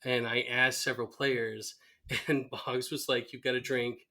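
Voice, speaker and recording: A man's voice: mid-range voice, measured pace, creaky. Laughing man retelling scenes. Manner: animated storyteller, acts out quoted lines with laughter. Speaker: podcast co-host. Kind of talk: casual chat recapping a TV episode.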